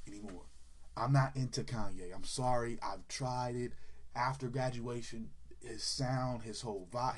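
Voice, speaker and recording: A man's voice: mid-range voice, slightly rough. A man delivering a blunt, profane, heated rant about music. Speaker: music commentator. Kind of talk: ranting opinion monologue.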